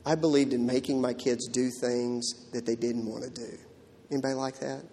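A man's voice: mid-range voice, flat delivery, normal speed, dark tone, slight background noise. A man preaching a sermon as pastor, driving his points home with emphatic rhetorical questions in a church. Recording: long hall reverb.

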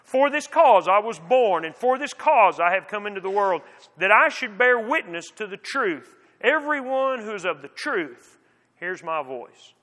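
A calm male prisoner speaks in measured, solemn lines, his bright voice rising and falling widely, as a male reader puts him on. A long hall reverb follows him. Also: sits high, voice pushed up, full character voice. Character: calm male prisoner claiming a heavenly kingdom.

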